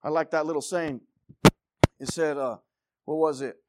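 A man preaching a sermon with passion, swinging from loud exhortation to low intensity and repeating phrases for emphasis. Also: steady tone, normal speed.

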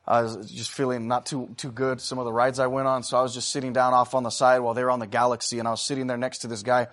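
A man preaching a sermon. He swings between loud, fervent exhortation and quiet, chatty storytelling, and he calls out to the congregation for responses. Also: medium pitch, level tone, fast.

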